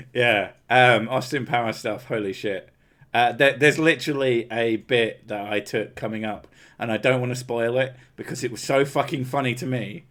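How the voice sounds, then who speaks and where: A man with a southern English, Home Counties accent chats on a livestream. He jokes loosely and swears constantly. His voice sits at an ordinary middle pitch. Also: unhurried, fairly bright tone. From Home Counties, England. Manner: swears a lot, loose and joking. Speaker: streamer host. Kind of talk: casual livestream chat.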